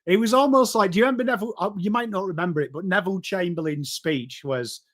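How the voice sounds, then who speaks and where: Chatty English host with a Yorkshire accent, fairly high voice, laddish and informal. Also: male voice, quick pace, fairly bright tone. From England. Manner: chatty and matey, greets chat by name, swears. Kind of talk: live-stream sports chat.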